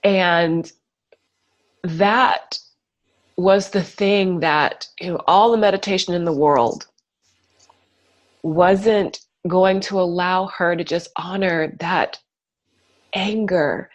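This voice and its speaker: A woman's voice: on the low side, takes it slowly, long pauses, highs cut off. A woman guest in a casual interview, telling a personal story in an earnest, reflective way with many fillers and restarts.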